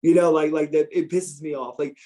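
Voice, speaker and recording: Animated middle-aged man telling stories. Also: fairly high pitch, fairly quick. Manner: animated, profane, frequent restarts. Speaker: interview guest. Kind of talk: casual storytelling.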